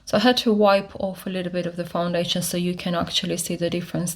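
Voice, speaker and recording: A woman giving a casual makeup tutorial to camera, talking through each step with frequent pauses, fillers and restarts. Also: lowish voice, flat delivery. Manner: unhurried, many fillers and restarts while demonstrating. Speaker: beauty vlogger.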